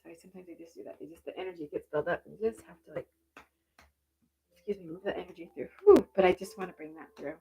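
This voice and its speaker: Chatty breathy woman on a live stream. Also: on the low side, quick pace. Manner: chatty, warm-hearted, many fillers and restarts. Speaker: medium. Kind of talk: live-stream reading and chat.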